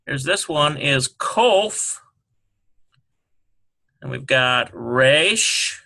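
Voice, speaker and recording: Man, slow halting teacher, bright edge, gravelly, spells letters out. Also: medium pitch, expressive. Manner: slow and halting, sounding out syllables. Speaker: Hebrew teacher. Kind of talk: screen-recorded lesson walkthrough.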